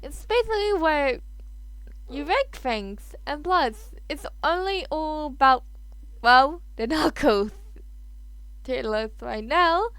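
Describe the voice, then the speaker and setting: A woman hosting a casual reaction video, rambling and giggling in a very high voice with lively pitch. She talks slowly, and the sound is dry and close. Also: no echo. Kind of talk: casual chat.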